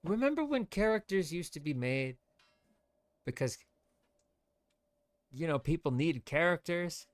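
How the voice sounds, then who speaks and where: A man's voice: fairly high pitch, animated, a little slow, long pauses. A man streaming gameplay, ranting with strong opinions in loose, rambling commentary. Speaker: VTuber streamer.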